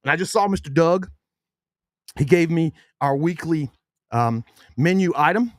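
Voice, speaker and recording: A man's voice: on the high side, expressive, measured pace, no room sound, studio quality. A man hosting a sports podcast, casual and folksy, with lots of fillers and restarts. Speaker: podcast host. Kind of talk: casual sports podcast chat with sponsor reads.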